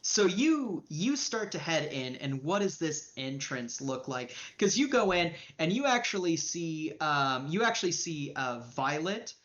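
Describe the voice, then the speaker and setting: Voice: medium pitch, sing-song, a little slow, hardly any pauses, fairly bright tone, lo-fi sound. A game master narrating a tabletop game in a casual, loose way with plenty of fillers.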